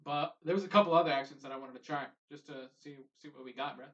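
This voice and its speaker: A man's voice: fairly high pitch, rapid-fire, a crowd in the background. A young man from the US West Coast, co-hosting a podcast in casual comedic chat, laid-back and slangy. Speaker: podcast co-host. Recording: distant, dull lo-fi mic.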